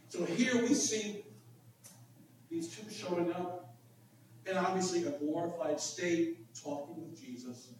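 A man preaching a sermon as pastor, explaining in an animated way with frequent restarts. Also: fairly high pitch, slight background noise. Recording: echoey room from a distant mic.

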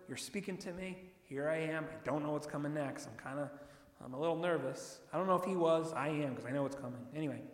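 A man preaching a sermon, reading scripture slowly and with emphasis, then explaining it in an expressive way. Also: fairly high pitch. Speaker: pastor. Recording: echoey hall.

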